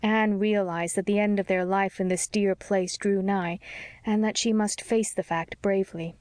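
A woman's voice: medium pitch, steady tone, normal speed, darkish tone, no echo. Woman reading an audiobook aloud. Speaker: audiobook narrator. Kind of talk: scripted narration.

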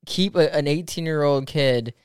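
A man's voice: on the high side, normal speed, smooth, dry recording, clean studio sound. A young man co-hosting a casual podcast, giving movie opinions in a hesitant way, with frequent restarts. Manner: hesitant, restarts and stalls while weighing opinions. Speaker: podcast co-host. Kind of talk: casual movie review chat.

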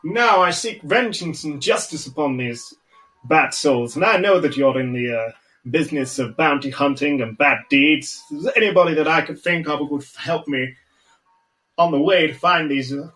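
Man voicing fussy gnome gentleman, pompous, stammering, wheedling, raised pitch. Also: normal speed, soft background music. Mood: flustered pleading. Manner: stammering, wheedling, self-important.

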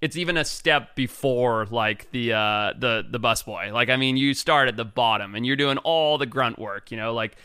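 A man from Africa tells his stories as an interview guest, loose and animated, sprinkling "like" everywhere and jumping into other people's voices. His voice is bright and smooth, with clear, crisp diction. It is recorded dry on a close mic. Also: mid-range voice, moderate pace, few pauses, dry recording. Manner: animated, loose and chatty with many "like"s, acts out other people's lines. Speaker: interview guest, wildlife biologist. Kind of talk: casual storytelling.

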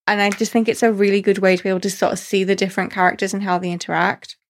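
A woman's voice: mid-range voice, flat delivery, very fast. A woman in a casual chat, talking enthusiastically and acting out quotes in different voices.

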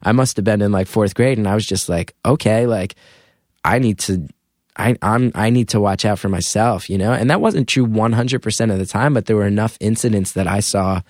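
A man, a comedian guest, telling candid stories in a rambling way, full of "like" and animated retellings. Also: fairly low pitch, fairly quick, no room sound, clean studio sound. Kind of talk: candid storytelling.

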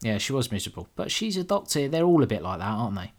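A man's voice: mid-range voice, big pitch swings, fast talker. A man co-hosting a casual film chat, sweary and laughing often, acting out lines in funny voices. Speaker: podcast co-host.

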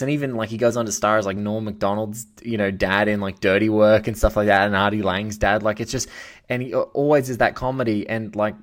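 A man hosting a podcast, talking about a film in an enthusiastic, rambling way and laughing often. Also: on the low side. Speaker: podcast host. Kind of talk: casual film discussion.

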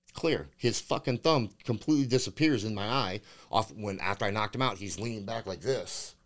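Brief: young male fighter guest, low voice, casual and profane, loose rambling delivery full of "you know" fillers. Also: brisk. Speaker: bare-knuckle fighter guest. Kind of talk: casual podcast interview.

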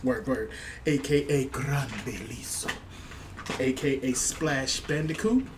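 A man co-hosting a casual podcast, joking with quick comebacks. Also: mid-range voice. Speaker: podcast co-host. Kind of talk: casual chat. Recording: loud background noise.

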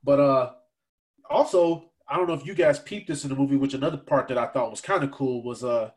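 A man co-hosting a casual podcast, easygoing and quick to agree while talking movies. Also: medium pitch, darkish tone. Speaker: podcast co-host.

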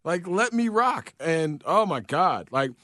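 Man, casual co-host, slightly high voice, dry close mic, animated storyteller who swears. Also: takes it slowly, no echo. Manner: animated storyteller, swears freely, acts out quotes. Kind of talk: casual chat.

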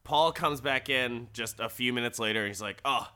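Man, bright cutting voice, animated casual movie recap. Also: mid-range voice, normal speed, smooth. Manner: animated storytelling, frequent laughs and fillers.

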